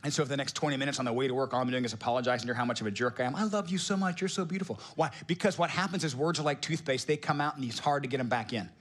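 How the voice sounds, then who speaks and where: A man's voice: medium pitch, rapid-fire, few pauses, fairly bright tone. A middle-aged man preaching a sermon in a conversational, joking way, often asking the congregation rhetorical questions. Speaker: pastor.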